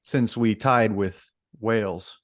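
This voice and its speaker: A man co-hosting a casual book podcast, dry and deadpan, fond of bad jokes. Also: on the low side, slow pace. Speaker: podcast co-host.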